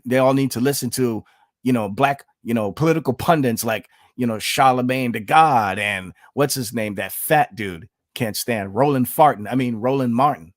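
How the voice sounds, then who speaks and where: Speaking at a medium pitch, a man from the United States offers forceful political commentary on his vlog. He repeats himself often and calls his viewers folks.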